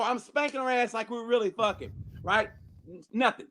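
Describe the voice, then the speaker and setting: High-voiced profane man telling a story. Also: moderate pace. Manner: profane, animated, full of restarts and acted-out quotes. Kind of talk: casual podcast storytelling.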